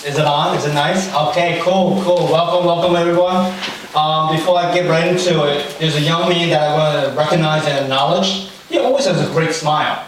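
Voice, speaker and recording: Chatty pastor in an echoey church. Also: male voice, on the high side, brisk. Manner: chatty, anecdotal, lots of fillers. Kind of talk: casual sermon storytelling. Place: church hall. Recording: very echoey room, far from the mic, faint noise.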